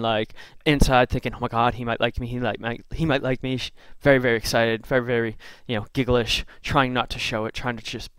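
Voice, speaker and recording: A man's voice: medium pitch, a bit bright, clean tone, dry recording. A man retelling a fairy tale in a chatty, playful way, full of asides, recorded on a computer mic. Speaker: storyteller. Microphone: screen recording with a computer mic.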